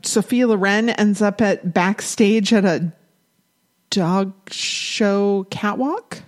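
Woman podcast co-host, slow casual delivery, dry humor, mid-pitched voice. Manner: unhurried, recaps plot with dry asides. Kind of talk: casual movie chat.

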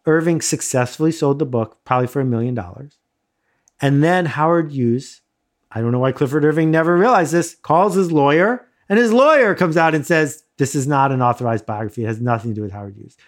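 A middle-aged man casually telling a self-mocking anecdote in lively bursts. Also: fairly high pitch. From United States. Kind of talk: casual storytelling.

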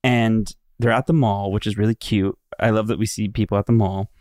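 A man with a fairly low voice co-hosts a relaxed chat, telling earnest stories and acting out quoted lines. His voice is recorded dry and close. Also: a little fast, no echo. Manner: earnest storytelling, acts out quotes. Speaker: podcast co-host. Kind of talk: casual chat.

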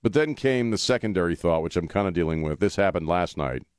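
A man's voice: low voice, expressive, fast talker, no room sound, clean studio sound. A man hosting a talk radio show, chatting bluntly and jokingly. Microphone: studio mic.

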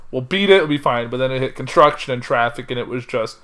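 A man's voice: medium pitch, animated, fast, sharp tone, clear, resonant tone. A young adult man co-hosting a casual chat podcast, slipping into a mock news-anchor delivery. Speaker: podcast co-host.

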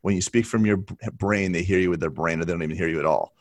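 A man with a fairly low voice talks through his advice in an easy, encouraging way, leaning on stories to make the point. The sound is dry and close, with no room around it. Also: quick pace, dry recording. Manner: encouraging, storytelling. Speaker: coach. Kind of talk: casual coaching talk.

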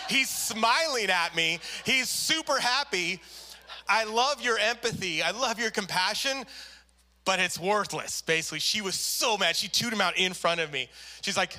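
A man's voice: sits high, moderate pace, sharp tone. A man preaching a sermon, telling a story animatedly and acting out the people in it. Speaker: pastor.

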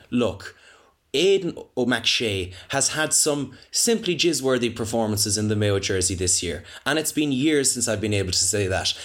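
A man with an Irish accent co-hosting a comic sports podcast, rambling in a mock-serious, deadpan way. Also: medium pitch. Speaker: podcast co-host.

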